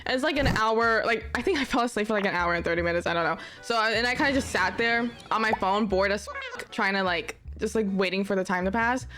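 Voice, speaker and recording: A young woman telling a story about a travel mishap, swearing freely and swinging between flat grumbling and disbelieving outbursts. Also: medium pitch, quick pace, soft background music. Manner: animated, swears a lot, swings from flat complaint to shrieking disbelief. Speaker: streamer. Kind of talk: casual storytime vlog.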